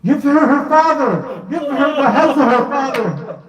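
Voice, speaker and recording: A man voicing a cruel, arrogant ruler who demands answers loudly. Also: very high-pitched, expressive, measured pace, crowd noise, pitched above the performer's own voice. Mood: angry scorn. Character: cruel arrogant male ruler woken at night. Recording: echoey room, mic far off.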